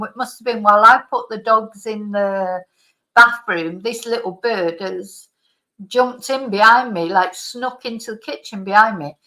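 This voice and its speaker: A woman's voice: mid-range voice, a little slow, sharp tone, rough recording. A woman vlogger chatting casually at home, telling a long rambling story full of asides and digressions. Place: at home by a computer.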